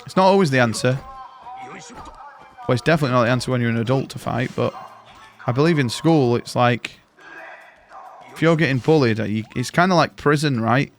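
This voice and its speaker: A man's voice: medium pitch, brisk, long pauses, soft background music. A man, a game streamer casually telling rambling stories and swearing freely. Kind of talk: casual chat while gaming.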